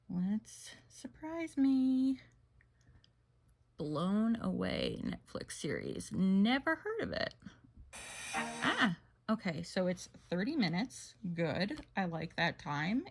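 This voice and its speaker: A woman's voice: medium pitch, gravelly, darkish tone. A young woman with a New Jersey accent, chatting casually and rambling as she reviews shows on her vlog. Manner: rambling, chatty, self-interrupting. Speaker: YouTuber.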